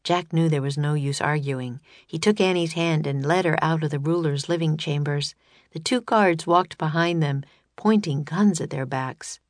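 A woman narrating a children's audiobook in a steady, measured reading voice. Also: low-pitched, no room sound.

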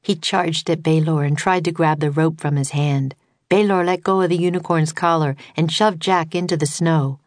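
A woman reading a children's storybook as an audiobook, in calm, even narration. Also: deep voice, moderate pace, no echo. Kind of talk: scripted narration.

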